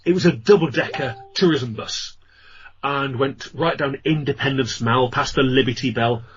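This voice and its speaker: A man's voice: medium pitch, moderate pace, slightly rough. A man with an English accent, a ghost tour guide, telling long rambling stories as a radio guest, with many fillers. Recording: dull lo-fi radio audio.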